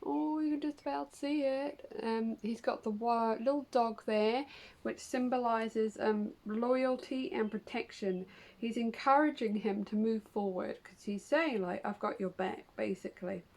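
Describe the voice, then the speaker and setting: A woman with a somewhat high voice does a relaxed tarot reading for her viewers. She talks in a chatty, upbeat way, peppering her explanations with fillers as she walks through each card. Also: unhurried, creaky, poor audio. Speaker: tarot reader. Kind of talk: casual tarot reading to camera.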